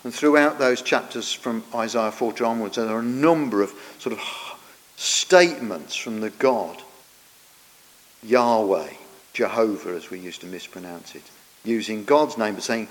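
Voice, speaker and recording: Man, sermon, earnest teaching tone, phrases fading softly, long church reverb. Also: on the low side, normal speed. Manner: earnest, explanatory, drops softer at the ends of phrases. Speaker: preacher.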